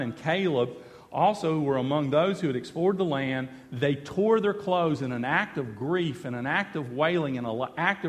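A man's voice: a little high, long reverb tail. A man preaching a sermon, repeating phrases for emphasis and speaking quoted lines of God and the people. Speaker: pastor.

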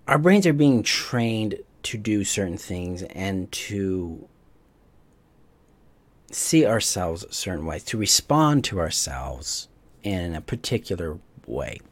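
A man with a lowish voice leads a live online teaching session as coach. He explains his ideas gently and reflectively and sometimes restarts a phrase as he finds his words. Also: lively intonation, slow, long pauses.

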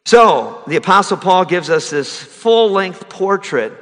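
A man's bright, slightly high voice preaches a sermon, pushing up into loud, emphatic runs and then dropping low and soft. The long reverb of a big hall trails behind every line. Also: sing-song, unhurried. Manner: builds to loud, high-pitched emphatic preaching, drops soft for key lines. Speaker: pastor.

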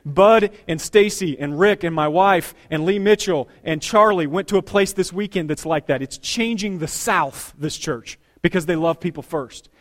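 High-voiced emphatic male preacher. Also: normal speed, few pauses. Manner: emphatic preaching with sudden loud and quiet turns. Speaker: pastor. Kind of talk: sermon. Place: church sanctuary.

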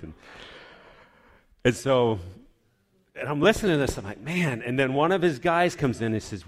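A man's voice: mid-range voice, animated, normal speed. A man giving a personal testimony to his church, telling a story in a rambling, heartfelt way.

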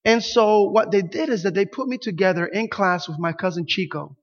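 Pastor, male, Spanish speaker, high voice, animated storyteller, lo-fi recording. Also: brisk. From Puerto Rico. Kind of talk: sermon with a personal story. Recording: dull lo-fi sound.

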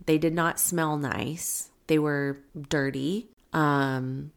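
A woman's voice: sits low, steady tone, slow, vocal fry, clear, resonant tone. A woman hosting a motivational podcast, telling a personal story in an earnest, encouraging way. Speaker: podcast host.

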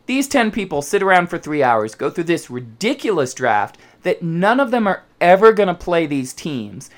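A man ranting on his football podcast, swearing freely and mimicking the stiff voices he dislikes. His pitch climbs and falls in lively swings as he talks. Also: normal speed. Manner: profane, animated, mocks others' voices. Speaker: podcast host. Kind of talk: ranting casual talk.

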